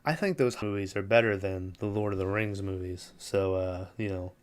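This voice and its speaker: A man's voice: deep voice, fairly even intonation, normal speed, clear, resonant tone. A man hosting a podcast, recapping a film in a rambling, casual, profane way, laughing now and then. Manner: rambling, profane, laughs while retelling scenes. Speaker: podcast host.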